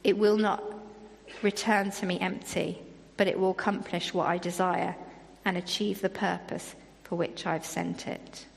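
A woman's voice: on the low side, level tone, a little slow, gravelly, big-room sound. A woman preaching a sermon in an earnest manner, reading scripture aloud between her own remarks.

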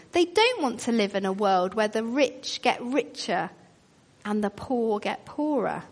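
A woman's voice: on the high side, big pitch swings, unhurried. A woman preaching a sermon, earnest and questioning, telling it like a story. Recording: long reverb of a large hall.

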